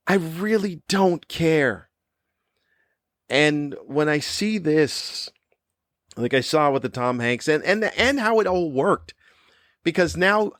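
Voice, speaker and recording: A man's voice: a little high, fairly bright tone, no echo, clean studio sound. An older man hosting a comedy podcast, delivering a cranky, sarcastic rant. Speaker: podcast host.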